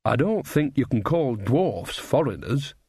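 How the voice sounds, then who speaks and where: A man's voice: medium pitch, sing-song, measured pace, warm tone, breathy edge, no echo, clean studio sound, exaggerated voice. A man reading an easygoing old witch woman in an audiobook, plain and chatty. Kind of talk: audiobook character voice.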